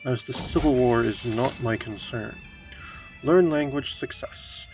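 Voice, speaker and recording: A man's voice: mid-range voice, unhurried, darkish tone, soft background music. A man commenting on a strategy game playthrough, speaking wryly in character as his medieval ruler and reading event text aloud. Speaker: game streamer.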